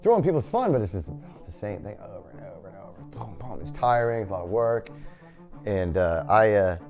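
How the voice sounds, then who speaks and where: A man, a jiu-jitsu black belt, telling a story in a casual, animated way, acting out quotes and often restarting his sentences. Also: lowish voice, brisk, faint music behind. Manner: animated, acts out quoted speech; lots of repeated words and restarts.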